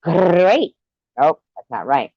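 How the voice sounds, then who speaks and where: A man's voice: mid-range voice, measured pace, no echo, dull audio. A man chatting with viewers on a live stream, giggly and meandering, often trailing off. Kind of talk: casual rambling chat.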